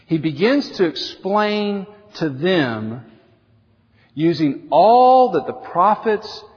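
Male pastor, high voice, animated sermon delivery, dull lo-fi sound with a long hall echo. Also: slow pace. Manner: animated preaching, voices quotes with big pitch swings.

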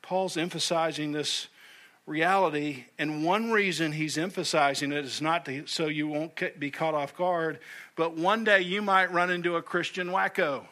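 Man, pastor, sermon, bright tone, fairly high voice, emphatic, repeats phrases. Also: fairly even intonation, normal speed. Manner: emphatic, repeats key phrases, drops to a hush for weight. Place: church sanctuary.

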